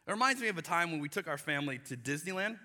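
A man in his thirties preaching a sermon, telling animated stories and acting out quoted voices with exaggerated emphasis. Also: on the high side, rapid-fire. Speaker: pastor. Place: church hall. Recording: live church hall with long reverb.

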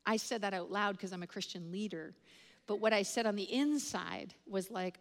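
A woman's voice: medium pitch, moderate pace, gravelly. A middle-aged woman preacher telling a story in a sermon, acting out the voices of the people in it. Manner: animated storyteller acting out dialogue. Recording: long hall reverb.

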